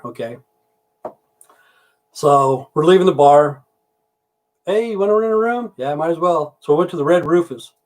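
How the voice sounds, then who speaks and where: A man's voice: fairly high pitch, darkish tone. A man who drives trucks and hosts a livestream, telling a long crude joke in a rambling, swear-heavy way. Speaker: livestream host. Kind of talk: casual livestream storytelling.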